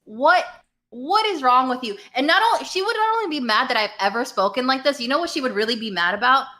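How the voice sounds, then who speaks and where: A woman co-hosting a casual podcast, talking bluntly and mockingly. Her voice sits a little high and rings bright and forceful. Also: very fast. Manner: blunt, mocking, animated storytelling. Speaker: podcast co-host.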